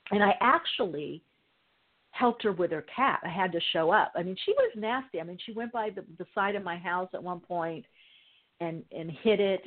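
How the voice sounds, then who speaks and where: A woman hosting a call-in radio show as a mystic healer, telling stories with animated quoted voices. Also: on the low side. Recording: narrow phone-like sound.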